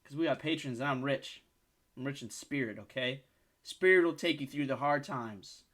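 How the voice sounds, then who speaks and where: A man co-hosting a crude podcast, swearing freely as he riffs. His voice is bright and forceful, talking over a video call. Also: mid-range voice, moderate pace. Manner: profane and jokey. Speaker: podcast co-host. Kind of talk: crude casual chat.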